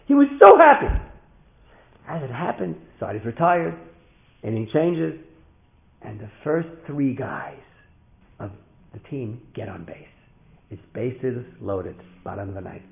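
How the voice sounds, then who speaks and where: A man telling a story in a sermon, dramatic and animated, sometimes rising to a shout. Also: mid-range voice, a little slow, creaky, long pauses. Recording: thin phone-like sound in an echoey hall.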